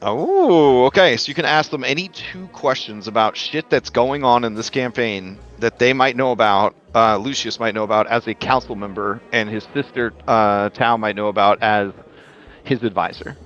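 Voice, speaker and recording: A man's voice: medium pitch, moderate pace, a bit bright, highs cut off. A man narrating as game master of a tabletop game, loose and chatty with lots of ums and frequent laughs.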